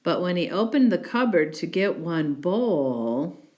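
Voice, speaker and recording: A woman reads a children's picture book aloud, taking her time over each phrase. Her pitch moves in a lively, sing-song way. She is expressive and unhurried throughout. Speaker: storybook reader. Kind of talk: children's story read-aloud.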